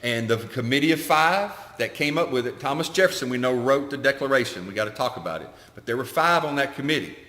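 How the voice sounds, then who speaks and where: A man's voice: mid-range voice, lively intonation, fast, hardly any pauses, fairly bright tone. Opinionated man in a roomy echo. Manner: opinionated, preachy. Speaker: podcast co-host, coach. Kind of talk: casual chat. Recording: echoey room with long reverb.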